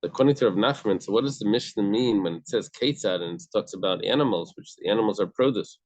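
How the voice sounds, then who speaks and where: Low-voiced man teaching a Talmud class. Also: quick pace, darkish tone, no room sound. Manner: explains step by step with everyday examples and frequent restarts. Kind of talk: casual study-group lesson.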